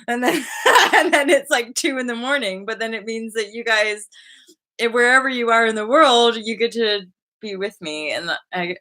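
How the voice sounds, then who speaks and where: A young woman talks casually to her viewers on a live stream. Her voice is bright and clear. She rambles in a spiritual way, with lots of "like" and quick side thoughts. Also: a little high. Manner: chatty and spiritual, with fillers and quick asides.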